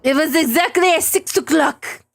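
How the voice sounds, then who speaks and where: A woman's voice: sits high, moderate pace, creaky, slight background noise. A woman voicing a pompous, impatient wealthy male art dealer with a thick made-up foreign accent, over game music. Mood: haughty.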